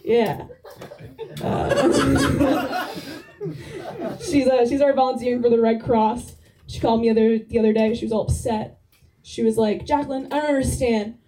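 A young woman works through a stand-up set in a dry, deadpan way, her fairly high voice soft and mellow. She drops "like" all through her lines. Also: measured pace, pauses often, recorded from a distance, rough recording. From New Jersey. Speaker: stand-up comedian. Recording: live club crowd laughter.

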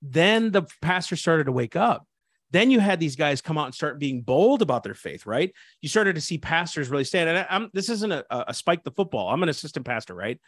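Fervent assistant pastor, slightly high voice. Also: male voice, big pitch swings, a little fast, fairly bright tone, no echo, studio quality. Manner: fervent, preachy, frequent restarts and "dude". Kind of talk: impassioned interview talk.

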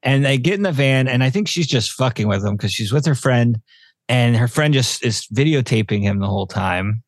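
Male podcast co-host, animated, recounts film scenes with quoted voices; dry close mic. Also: medium pitch, moderate pace, dry recording. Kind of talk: casual film discussion.

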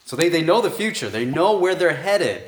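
A man's voice: on the high side, big pitch swings, moderate pace. A man preaching a conversational sermon as pastor. He thinks aloud and keeps asking his listeners rhetorical questions. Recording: echoey room.

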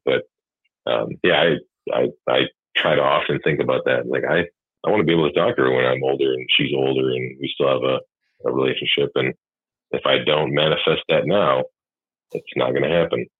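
Very deep man on a tinny line. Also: steady tone, normal speed, no echo. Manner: candid, rambling, swears freely. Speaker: podcast guest talking about fatherhood. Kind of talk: casual chat. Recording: husky tinny phone-like line, dry.

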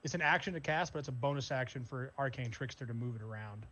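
A man's voice: medium pitch, fast, fairly bright tone. Casual man running a tabletop game. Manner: casual narration with frequent fillers. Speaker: game master.

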